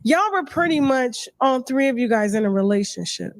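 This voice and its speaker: A woman's voice: high-pitched, animated, normal speed, dry recording. A woman hosting a casual interview and pressing her guest with pointed questions. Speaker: host.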